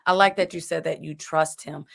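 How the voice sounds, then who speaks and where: Gravelly-voiced woman hosting a chat. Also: low voice, fairly quick. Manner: affirming, frequent mm-hmms, animated quotes. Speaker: host. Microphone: video call.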